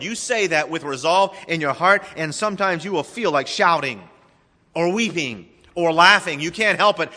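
A man preaching a sermon as pastor, folksy and emphatic, speeding up and slowing down for effect. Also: high voice, bright, forceful tone, long reverb tail.

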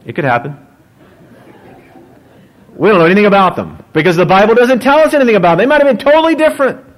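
Male pastor, sermon, animated, joking, fairly high-pitched. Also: fast talker, rough recording.

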